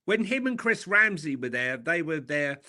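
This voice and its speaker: A man's voice: on the high side, big pitch swings, moderate pace, pushed and bright. A man who is a guest on a football chat show and gives blunt, opinionated takes. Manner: blunt, opinionated, says "mate" a lot.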